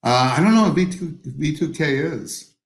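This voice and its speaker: A man's voice: fairly high pitch, lively intonation, moderate pace, echoey room, poor audio. A man, an author being interviewed, who talks hesitantly with many fillers and restarts. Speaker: author guest. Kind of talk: interview over video call.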